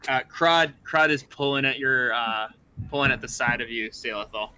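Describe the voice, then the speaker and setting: A man's voice: medium pitch, normal speed, pushed and bright, clear, resonant tone, poor audio. A man running a tabletop game as game master, narrating loosely with many restarts. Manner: loose, full of fillers and restarts.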